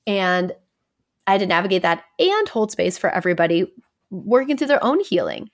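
A woman's voice: mid-range voice, very animated, a little fast. A woman in her thirties, a therapist hosting her own podcast, talking candidly and conversationally on her own, sometimes dropping to a near whisper. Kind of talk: casual solo podcast talk.

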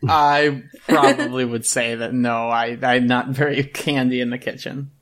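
A woman's voice: a bass voice, fairly even intonation, unhurried. A woman playing in a casual tabletop game, laughing and swearing playfully. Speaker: player.

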